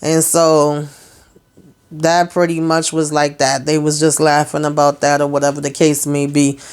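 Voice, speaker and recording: A woman's voice: low-pitched, monotone, a little slow, a little mellow, clear, resonant tone. A woman casually recapping a TV episode, retelling scenes through quoted lines and personal asides. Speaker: TV recap host.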